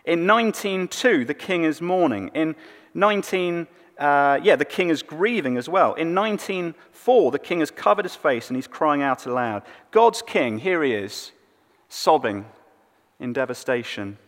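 A male preacher giving a sermon, telling the story expressively and dropping soft on the sad moments. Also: fairly high pitch. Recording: long hall reverb.

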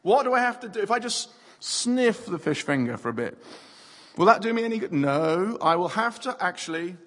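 A man's voice: high voice, lively intonation, moderate pace, fairly bright tone. A man preaching a playful sermon to a family audience, using props and repeating words as he talks. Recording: long hall reverb.

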